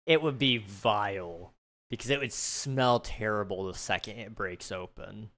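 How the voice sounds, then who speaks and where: A man's voice: on the low side, unhurried, fairly bright tone. A man streaming a game, chatting casually with a rambling, morbid, joking manner and thinking aloud. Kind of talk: casual livestream chat while gaming.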